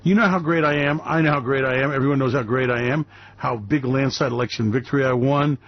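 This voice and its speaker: A man hosting a market commentary radio show, talking in a loud, brash, sarcastic way and mocking people with put-on voices. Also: medium pitch, fast talker, vocal fry. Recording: dry, slightly dull lo-fi recording.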